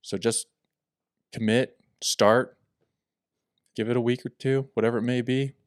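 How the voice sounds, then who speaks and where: A man's voice: mid-range voice, a little slow, dry recording, studio quality. A young man co-hosting a podcast, chatting casually with a rambling, filler-heavy manner. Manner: relaxed, rambling with many fillers. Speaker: podcast co-host. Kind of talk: casual chat.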